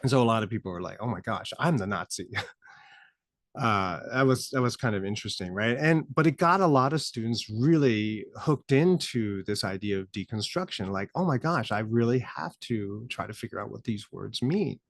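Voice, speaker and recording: A man's voice: mid-range voice, expressive, moderate pace, creaky. A man hosting his own commentary show, talking casually and asking rhetorical questions as he goes. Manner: conversational, rhetorical questions, frequent "right?". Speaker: podcast host, former teacher.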